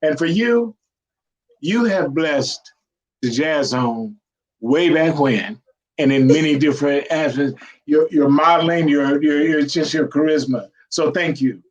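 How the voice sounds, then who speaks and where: An older man talking in a warm, rambling, praising way during a casual chat. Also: fairly high pitch, a little slow. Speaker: guest. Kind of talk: casual video-call chat. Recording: muffled lo-fi call audio.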